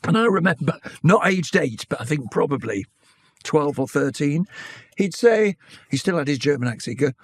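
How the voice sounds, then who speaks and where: A British man in his sixties, an interview guest telling candid stories from his life in a measured, reflective way. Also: a little high, very animated, no room sound, studio quality. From Britain. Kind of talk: reflective conversational storytelling.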